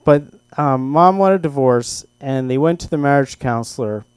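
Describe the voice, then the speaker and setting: An older man at an open mic, telling a rambling, self-deprecating personal story with halting restarts. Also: mid-range voice, expressive, darkish tone, smooth, no room sound. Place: comedy club stage.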